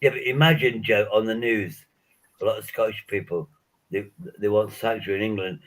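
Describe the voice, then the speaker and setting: A man's voice: fairly low pitch, fairly even intonation, a little fast, a loud crowd, poor audio. A man in a casual group chat, rambling through jokes and wild hypotheticals with plenty of swearing.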